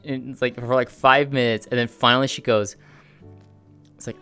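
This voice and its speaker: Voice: mid-range voice, normal speed, clean tone, faint music behind. A player chatting casually after a role-play session, retelling scenes with laughter and acting out what other characters said, speaking into a headset. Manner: animated storyteller, acts out quoted lines, laughs often.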